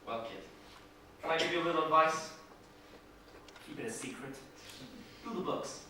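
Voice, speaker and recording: A man's voice: fairly high pitch, moderate pace, bright, forceful tone. A man playing a brash, scheming, washed-up male Broadway producer, pushy and theatrical in stage comedy style. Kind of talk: stage musical comedy acting. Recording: echoey stage sound from far off, faint noise.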